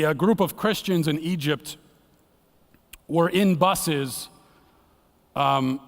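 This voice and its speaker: Male guest preacher, earnest and dramatic, voice on the higher side, slips into hushed lows, church hall echo. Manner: earnest, dramatic, drops to a hushed low voice for emphasis. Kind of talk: sermon. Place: church sanctuary. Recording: long church hall reverb.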